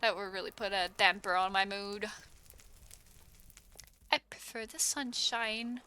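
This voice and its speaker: A young woman streams her gameplay, chatting casually with viewers in a mid-range voice at a measured pace, with a little hiss or hum audible. She giggles often and lets out excited exclamations.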